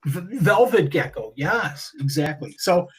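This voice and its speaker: A man talking as a guest on a podcast, animated and rambling, often restarting his sentences. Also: on the high side, unhurried, rough recording. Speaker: guest breeder. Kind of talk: casual podcast conversation.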